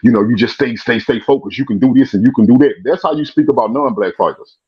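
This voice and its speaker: Male caller with a Louisiana accent, fast and lecturing, over a lo-fi line. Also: medium pitch. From Baton Rouge, Louisiana. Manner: emphatic, lecturing. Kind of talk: heated call-in commentary. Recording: muffled husky call-in line.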